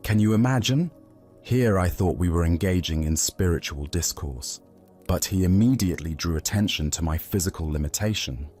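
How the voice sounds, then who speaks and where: A man voicing an agitated, offended one-eyed monk attendant in a storybook tale, with a low, husky voice. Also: moderate pace, a little mellow, soft background music. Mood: indignant.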